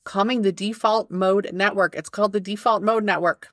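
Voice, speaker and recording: A woman's voice: medium pitch, steady tone, moderate pace, no echo. A woman co-hosting a podcast, chatting casually and eagerly explaining something she read. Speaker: podcast co-host. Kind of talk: casual chat.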